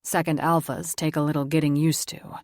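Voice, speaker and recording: A woman voicing a calm, firm werewolf father who keeps the peace. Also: deep voice, brisk, no echo, studio quality. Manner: steady, peacekeeping.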